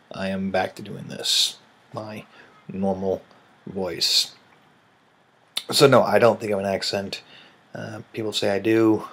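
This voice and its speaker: A man's voice: lowish voice, gravelly. A man, casually answering viewer questions in a rambling, dryly joking vlog. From American Midwest. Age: 30s. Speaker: vlogger.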